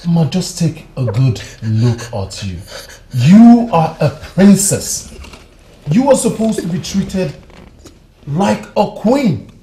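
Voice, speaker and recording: A commanding brother, scolding, Nigerian English accent, echoey room, faint noise. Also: male voice, fairly high pitch, very animated, slow, mellow, full character voice. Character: stern protective brother, commanding. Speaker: actor in a film.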